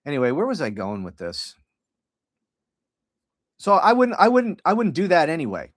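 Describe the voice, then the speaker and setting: A man's voice: fairly high pitch, huge pitch swings, moderate pace, dry recording, clean studio sound. Blunt, profane man ranting on livestream. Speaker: political podcast host. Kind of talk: livestream political commentary.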